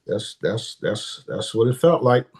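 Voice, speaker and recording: A man's voice: on the low side, sing-song, a little slow, a little mellow. A man speaking as a guest in a casual live-stream interview, blunt and profane, often restarting his sentences.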